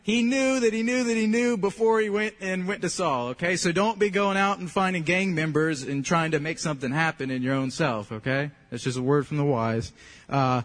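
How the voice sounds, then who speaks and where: Male preacher, joking and conversational, fairly high voice, long hall reverb. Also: normal speed, a bit bright. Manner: joking, conversational preaching with frequent check-ins. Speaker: pastor. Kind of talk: sermon. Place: church hall.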